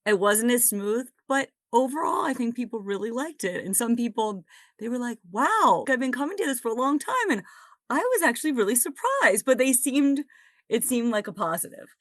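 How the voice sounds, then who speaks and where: A woman's voice: big pitch swings, moderate pace, no echo, clean studio sound. A woman on a group coaching call, sharing in a cheerful, eager way. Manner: cheerful, eager, bright rises in pitch. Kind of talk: casual sharing. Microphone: video call.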